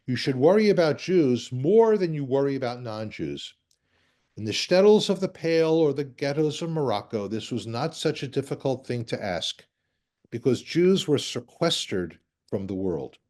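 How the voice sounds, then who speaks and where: A man, a rabbi, lecturing to a class as he walks through slides. His voice sits at a medium pitch, and he keeps a conversational tone with dry, joking asides. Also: darkish tone.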